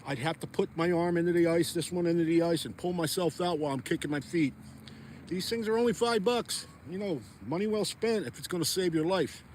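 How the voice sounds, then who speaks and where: A man's voice: a little high, a little fast, a little mellow, a little hiss or hum. A chatty, folksy man vlogging outdoors on a frozen lake, talking straight to his viewers. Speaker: fishing vlogger. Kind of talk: casual outdoor vlog talk.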